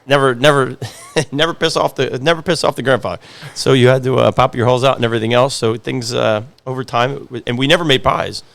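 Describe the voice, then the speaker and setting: A man's voice: medium pitch, steady tone, brisk, gravelly, fairly bright tone. A man in his forties, a podcast guest and pizzeria owner, telling stories in casual chat, repeating phrases for emphasis. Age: 40s.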